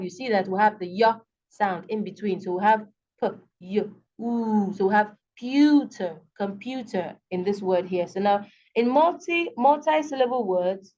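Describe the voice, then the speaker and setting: A woman's voice: medium pitch, darkish tone. A woman with a Nigerian accent teaching an English lesson, patiently repeating words to show stress and checking in with "okay". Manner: frequent fillers and checks with okay. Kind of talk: online class lecture. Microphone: video call. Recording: dull lo-fi video call audio.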